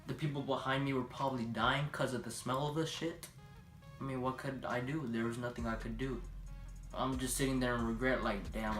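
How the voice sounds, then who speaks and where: A young man telling a story in a casual vlog, profane and animated, acting out every voice. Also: mid-range voice, roomy sound.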